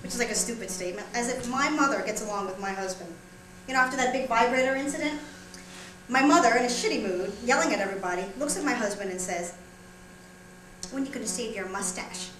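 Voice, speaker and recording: Lively high-voiced woman doing stand-up. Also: fast, background noise. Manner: chatty, teasing, jokes with the audience. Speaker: comedian. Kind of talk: stand-up comedy monologue. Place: small theater stage. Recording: roomy live room with audience.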